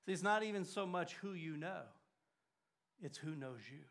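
An older man preaching a sermon, swinging from loud urgent emphasis to hushed, near-whispered lines. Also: high voice, moderate pace.

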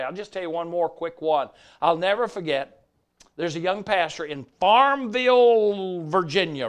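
An older man with a Southern accent preaching a sermon, telling stories with animated storytelling and acting out the people he quotes. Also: fairly high pitch.

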